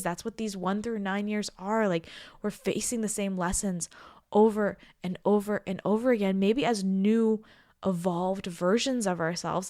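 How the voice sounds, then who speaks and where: A woman in her thirties hosting her own podcast, talking in a reflective, confiding way. She is tired and emotional, slips into soft near-whispers and laughs often. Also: mid-range voice, dry recording, clean studio sound. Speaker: podcast host. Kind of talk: casual solo podcast talk.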